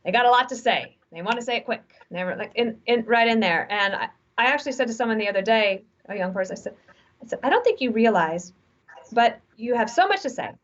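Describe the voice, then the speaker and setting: A woman in her forties, speaking as an interview guest who gives frank, animated advice through stories. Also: fairly high pitch, fast talker. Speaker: guest author. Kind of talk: conversational interview. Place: remote video call. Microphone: video call mic. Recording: dull lo-fi video call audio.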